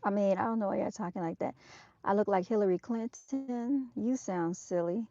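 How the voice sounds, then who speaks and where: A woman's voice: medium pitch, normal speed. A woman chatting casually on a live stream from an outdoor motorcycle show, speaking straight to her viewers on her phone. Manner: chatty and direct, calls viewers "y'all". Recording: dull, dry lo-fi sound.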